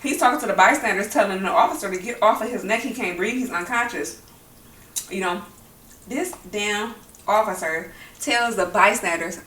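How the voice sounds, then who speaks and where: A woman ranting while she eats on camera, blunt and heated, with plenty of cursing. Her voice is bright and sharp. She sits some way from the mic, and the room rings with echo. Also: medium pitch, normal speed, distant mic. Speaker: mukbang vlogger. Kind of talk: angry opinion talk while eating.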